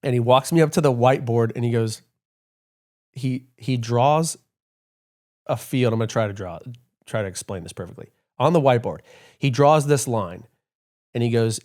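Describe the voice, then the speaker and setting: A middle-aged man, a retired military officer, telling stories in a casual interview, full of fillers and quick acted-out quotes. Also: medium pitch. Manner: animated storyteller, many fillers, acts out quotes. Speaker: retired Air Force colonel, podcast guest.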